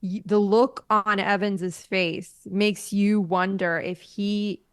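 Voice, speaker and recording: A woman's voice: mid-range voice, slow pace, clean tone, no room sound. Woman co-host in dry casual chat. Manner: animated, thoughtful, laughs often. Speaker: podcast co-host. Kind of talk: casual chat about a TV series.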